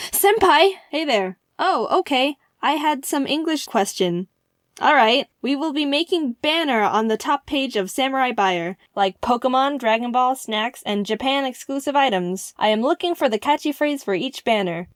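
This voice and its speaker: A young woman narrating a funny personal story in a vlog, animated and quick to laugh, acting out the lines she quotes. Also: fairly high pitch, no room sound, clean studio sound.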